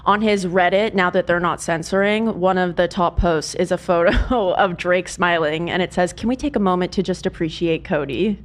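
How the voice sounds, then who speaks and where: Playful woman with a lowish voice. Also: normal speed, hardly any pauses. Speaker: podcast crew member. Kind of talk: casual podcast banter.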